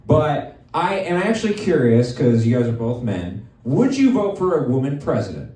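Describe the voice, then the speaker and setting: A man hosting a live comedy show, rambling and joking through quick asides with his guests. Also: mid-range voice, sing-song, warm tone, reverberant, recorded from a distance. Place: comedy venue with live audience.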